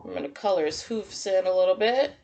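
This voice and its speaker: A woman teacher giving a gentle, encouraging drawing lesson to young children and talking through each step as she draws. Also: medium pitch, animated, a little fast, vocal fry. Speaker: kindergarten teacher.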